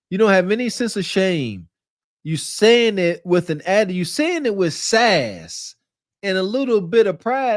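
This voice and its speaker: A man's voice: sits high, big pitch swings, measured pace, no echo, studio quality. A man hosting a podcast, giving teasing, incredulous reaction commentary and laughing at what he hears. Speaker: podcast host.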